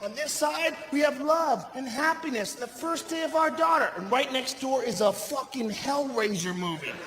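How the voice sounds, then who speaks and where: A man doing a stand-up comedy routine on a theater stage, telling a profane story loudly and with big shouted punchlines. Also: extremely high pitch, normal speed. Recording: roomy live theater sound with audience noise.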